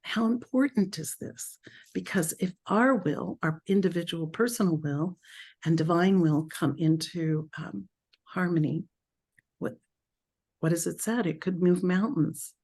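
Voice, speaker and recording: A woman with a fairly low voice gives a reflective spiritual talk to her group. She speaks very slowly and thoughtfully, pausing often and correcting herself as she goes. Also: a little mellow, slightly rough. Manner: thoughtful, halting, with pauses and self-corrections.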